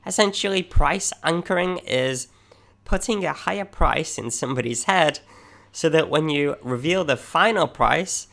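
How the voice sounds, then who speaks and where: Gravelly man, podcast co-host, chatty explainer with fillers. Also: a little high, expressive, measured pace, fairly bright tone. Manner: explains with examples, many fillers. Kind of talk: casual business podcast chat.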